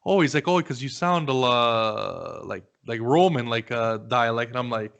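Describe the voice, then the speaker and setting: A man's voice: medium pitch, animated, normal speed, gravelly, a bit bright, clean tone. Chatty man hosting a podcast. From Canada. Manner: chatty, swears casually, laughs while telling stories. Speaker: podcast host. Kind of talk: casual podcast chat.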